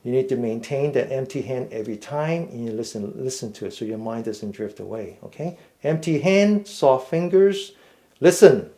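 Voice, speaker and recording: A middle-aged man leading a seated mindful fitness class, giving slow, patient step-by-step cues. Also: medium pitch, fairly even intonation, warm tone, slight background noise. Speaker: fitness and meditation instructor. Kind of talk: guided seated exercise class.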